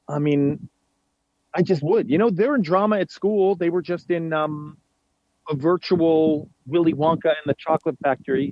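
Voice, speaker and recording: A middle-aged man from New York talks casually as a podcast guest, rambling with lots of fillers and restarts. His voice sits a little high for a man. The remote audio is dry and a little dull and lo-fi. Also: no room sound. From United States, New York. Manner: chatty and self-deprecating, many fillers and restarts. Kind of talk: casual interview chat. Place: at home.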